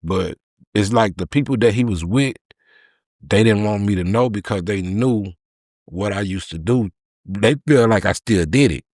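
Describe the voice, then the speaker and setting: A man, a podcast guest telling a candid personal story in an emotional, halting way with many repeated words. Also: lowish voice, a little mellow, no room sound, clean studio sound.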